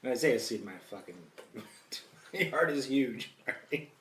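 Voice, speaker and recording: A man's voice: mid-range voice, expressive, a little slow, a bit bright, slight background noise. A man in his thirties, a podcast host, telling a profane story in casual chat. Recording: echoey room, mic at a distance.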